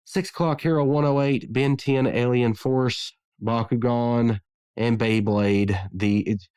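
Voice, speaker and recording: A man's voice: medium pitch, steady tone, slow pace, a little mellow, clear, resonant tone, no echo, studio quality. A man hosting a podcast in casual chat, rambling with many restarts and fillers. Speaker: podcast host.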